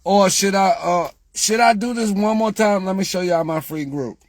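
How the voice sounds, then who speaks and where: A man talking casually to viewers about lottery picks, repeating himself and growing exasperated, getting louder when he quotes their questions. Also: high-pitched, moderate pace, no room sound. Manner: repetitive, exasperated, rises when quoting viewers. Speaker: lottery tips creator.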